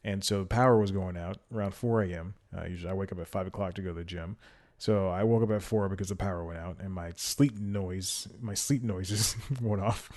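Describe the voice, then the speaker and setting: A man's voice: sits low, fairly quick, a little mellow. A young man hosting his own podcast, chatting casually and rambling, often laughing at himself. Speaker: podcast host. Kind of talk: casual solo podcast chat. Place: home in a storm-hit city.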